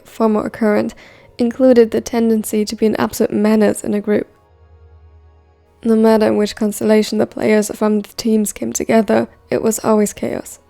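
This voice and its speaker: A woman narrating a fan fiction story in a steady reading voice. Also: a little high, creaky.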